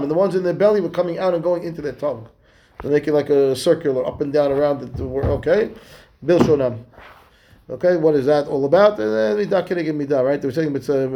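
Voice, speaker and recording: A man, a rabbi, teaching a Talmud class, reading the text slowly and then explaining it in lively, halting English. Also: on the high side.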